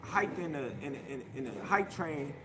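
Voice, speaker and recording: A man's voice: fairly high pitch, lively intonation, normal speed, noisy background. Heated, profane man telling a story. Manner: blunt, profane, emphatic. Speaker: interview guest.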